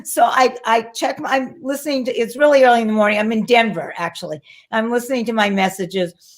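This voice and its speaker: A middle-aged woman telling a story as an interview guest in casual chat, lively and acting out what others said. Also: fairly high pitch, a little fast. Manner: animated, acts out quoted voices. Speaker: guest, actress and flight attendant.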